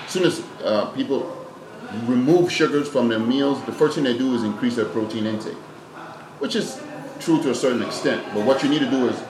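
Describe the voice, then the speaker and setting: A man's voice: mid-range voice, brisk, crowd noise. A man, a fitness trainer and nutrition coach, answering interview questions in a plain-spoken, emphatic way and often repeating words as he thinks. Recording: echoey room with background noise.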